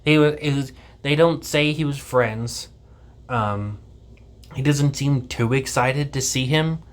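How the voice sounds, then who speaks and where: A man's voice: medium pitch, slow. A man giving a casual spoken film review, rambling and offhand with plenty of ums and casual swearing. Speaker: movie reviewer.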